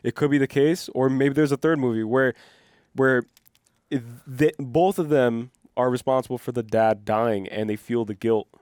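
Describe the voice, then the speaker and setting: A man co-hosting a movie reaction, chatting casually and repeating excited exclamations. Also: mid-range voice, normal speed, clear, resonant tone, no echo, clean studio sound.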